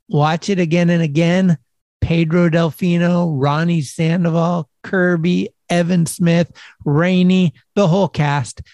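Laid-back male host with a slightly raised pitch and a dry close-mic sound, slangy and casual. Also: darkish tone, dry recording. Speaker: podcast host. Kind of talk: casual chat.

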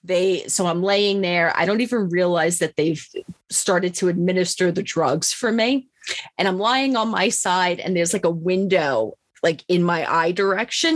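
A woman's voice: lowish voice, moderate pace, no room sound. A middle-aged woman telling a story in a casual monologue, blunt and profane, mocking herself and laughing often.

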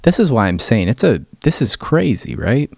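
A man's voice: medium pitch, sing-song, moderate pace, creaky, a little mellow, no echo. A man ranting in an incredulous, mocking tone, talking close to a dry mic. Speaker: vlogger. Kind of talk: ranting commentary.

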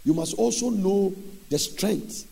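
A man preaching a sermon in an emphatic, sing-song way with sudden loud bursts. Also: sits high, slow, vocal fry, slightly rough.

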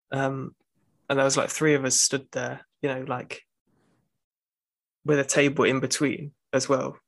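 A young student telling a long story in casual chat, circling back with plenty of fillers. His voice is gravelly and fairly level in pitch. The sound is dry and close, with no room around it. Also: fairly bright tone, no room sound. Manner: rambling storytelling with many fillers.

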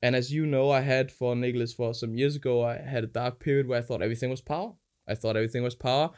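An older brother appears as a podcast guest in a casual, rambling chat with his sibling, telling crude stories and preaching digressively about forgiveness and inner life. He's animated and acts out quoted voices, talking fast in a smooth, mid-range voice.

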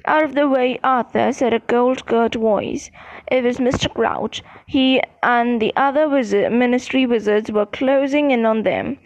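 A woman narrating a fantasy audiobook in a measured, steady way. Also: fairly high pitch, low-quality recording. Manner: measured, steady, with small slips. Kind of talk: audiobook reading.

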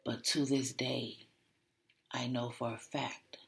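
Slow, gravelly podcast storyteller. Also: mid-range voice, flat delivery, fairly bright tone. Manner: reflective, often drops to a whisper; repeats words and restarts when emotional. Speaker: podcast host. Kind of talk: personal storytelling monologue.

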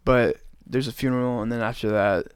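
A man's voice: medium pitch, fairly even intonation, fairly quick, clear, resonant tone, no room sound. Rambling young man, dry sound. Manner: rambling retelling, heavy use of "like". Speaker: podcast co-host. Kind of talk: casual podcast chat.

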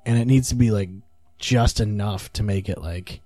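A man in casual podcast chat, relaxed and swearing freely as he explains things at length. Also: fairly low pitch, normal speed, no echo.

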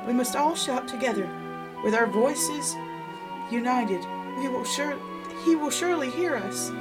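Shrill, excited little woodland critters cry out in a storybook tale, as a woman reading aloud puts them on. Their voices jump high above a storyteller's usual tone. Soft music plays underneath. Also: measured pace, far from the mic, low-quality recording. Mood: pleading. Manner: high shouting cries.

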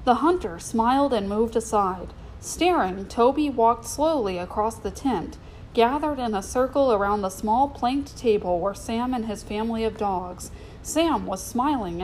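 A woman narrating a children's storybook aloud with steady, expressive delivery. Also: fairly high pitch, slight background noise, poor audio.

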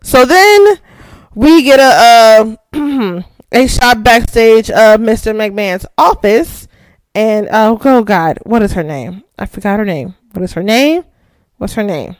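A young woman hosting a casual recap show, excitable, laughing often and swearing freely. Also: a little high, slow, dry recording. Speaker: podcast host.

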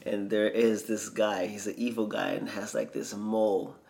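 Low-voiced man asking questions in casual chat. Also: moderate pace, vocal fry, darkish tone. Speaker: podcast co-host.

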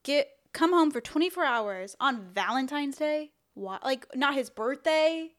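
A woman's voice: high voice, animated, a little slow. A young woman co-hosting a podcast, rambling casually about a movie with many fillers. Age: young adult. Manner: rambling, lots of "like", restarts. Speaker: podcast co-host.

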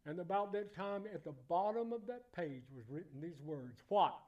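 A man preaching a sermon in church, emphatic and repetitive, building to loud exclamations. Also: sits high, normal speed, muffled recording.

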